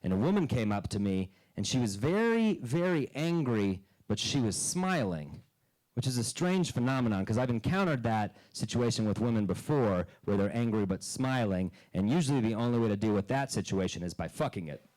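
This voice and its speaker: On a club stage, a man performs stand-up into a handheld mic with a dry, deadpan delivery that breaks into loud character bits. His voice is mid-range at a moderate pace, and the audio is poor.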